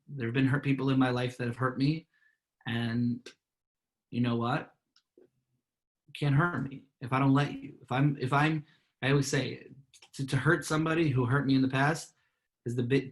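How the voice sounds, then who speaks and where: A man being interviewed about his life, talking earnestly and warmly, often repeating and restarting words. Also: medium pitch, poor audio. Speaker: guest, part-time professional clown. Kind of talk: earnest conversational storytelling.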